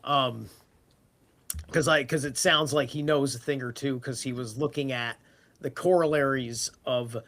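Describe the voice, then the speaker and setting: A man's voice: medium pitch, steady tone, unhurried, fairly bright tone. A man in casual podcast chat, rambling and swearing casually as he thinks aloud.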